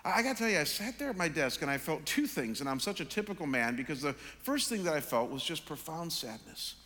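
A middle-aged man preaching a sermon, telling a personal story with lively, animated delivery and acting out his own anger. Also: fairly high pitch, fast. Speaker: pastor. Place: large church auditorium. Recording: hall reverb.

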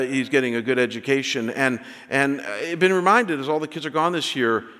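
Animated man preaching in a reverberant hall. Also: mid-range voice. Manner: animated storytelling with many restarts. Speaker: pastor. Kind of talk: sermon.

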